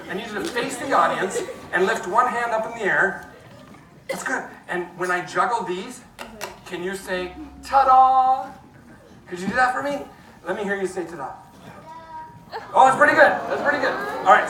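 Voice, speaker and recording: A man doing a playful live comedy science show, talking to the audience with joking asides. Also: sits high. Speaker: stage performer. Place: large hall before a live audience. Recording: echoey hall, mic from far off, crowd and noise.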